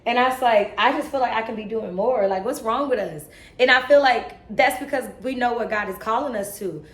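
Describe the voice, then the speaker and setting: In a reverberant space, a young woman with a slightly high voice talks fairly quickly to camera in an emotional vlog about faith. Her tone is earnest and a little tearful, self-motivating and preachy, peppered with casual slang.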